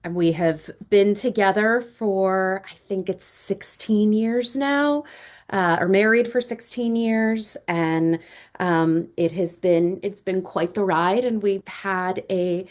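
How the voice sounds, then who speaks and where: A woman in her forties, an author guesting on a podcast, talking in quick, chatty bursts with casual fillers. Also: mid-range voice. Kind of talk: conversational interview.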